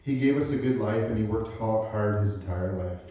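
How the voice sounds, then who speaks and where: A man in his forties giving a eulogy for his grandfather, reading family memories aloud in a halting way with many fillers and chuckles. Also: lowish voice, warm tone. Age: 40s. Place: large hall at a memorial gathering. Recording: very echoey hall, voice heard from far off, faint room noise.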